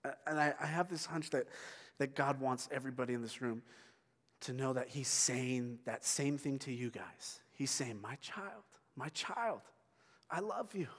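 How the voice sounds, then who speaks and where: A middle-aged man preaching a sermon as pastor, telling a personal story with halting restarts and sounding tearful. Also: mid-range voice, steady tone. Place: church sanctuary. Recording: long hall reverb.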